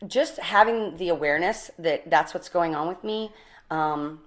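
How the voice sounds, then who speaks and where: Low-voiced energetic woman telling her story. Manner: energetic, animated, quick bursts, laughing often. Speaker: guest. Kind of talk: casual interview, telling her recovery story.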